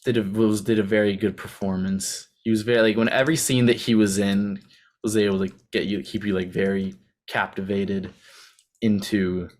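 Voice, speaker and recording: Young male co-host, lower pitch, relaxed and hesitant, casual movie chat. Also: moderate pace. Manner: easygoing, hesitant, full of likes and ums. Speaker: podcast co-host.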